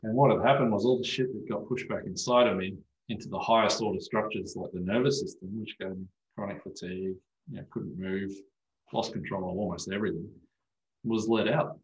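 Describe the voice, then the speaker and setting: Man, low voice, osteopath guest, casual podcast chat, swears a lot, animated storyteller, echoey room. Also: a little fast.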